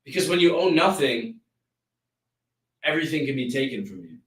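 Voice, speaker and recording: A man's voice: mid-range voice, sing-song, moderate pace, fairly bright tone, reverberant, distant mic, rough recording. A man hosting a live stream, giving an intense, preachy motivational rant that rambles with restarts.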